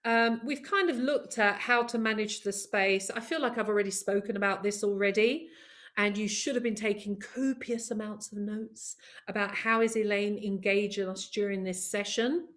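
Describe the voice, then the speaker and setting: A woman presenting a live online training session over a video call, lively and encouraging, talking straight to her attendees. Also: medium pitch, moderate pace. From of Caribbean heritage. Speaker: workshop presenter.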